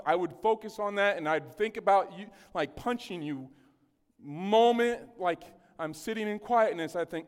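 High-voiced chatty pastor in a reverberant hall. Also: male voice, animated, moderate pace, smooth. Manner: chatty, jokey, often asks the congregation questions. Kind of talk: conversational sermon.

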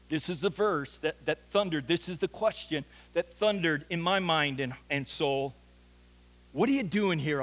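Pastor guy preaching, high-ish voice, earnest, repeats himself for emphasis, big echoey church hall. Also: fairly bright tone. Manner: earnest storytelling preaching, repeats words when stressing a point. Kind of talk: sermon. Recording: long reverb of a large hall.

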